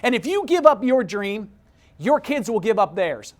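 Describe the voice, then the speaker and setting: A middle-aged man giving a motivational talk, telling stories with big swings in pitch and loudness. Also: sing-song, moderate pace. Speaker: speaker. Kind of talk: motivational speech.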